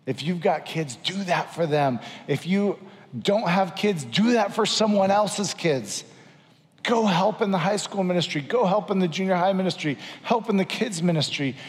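A man preaches a sermon, earnest and urging, driving points home by repeating them. His voice sits a little high for a man. The sound rings with the long reverb of a large hall. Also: lively intonation, normal speed. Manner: earnest, exhorting, repeats for emphasis. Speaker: pastor.

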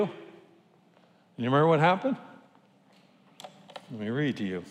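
A pastor preaching a sermon, telling stories and asking rhetorical questions. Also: male voice, fairly high pitch, unhurried, pauses often, in a large hall. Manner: lively storytelling with rhetorical questions.

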